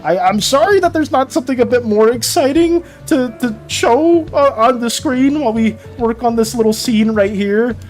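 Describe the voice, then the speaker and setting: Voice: mid-range voice, normal speed, few pauses, darkish tone, faint music behind. A streamer chatting casually with viewers while drawing, stammering and repeating words, emotional and flustered.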